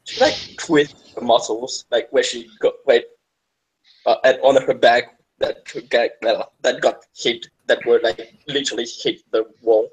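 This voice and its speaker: A man's voice: mid-range voice, steady tone, breathy edge, low-quality recording. A man playing a tabletop game, describing his character's actions with many halts and restarts. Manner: halting, many likes and restarts. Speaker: player. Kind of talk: casual tabletop game talk.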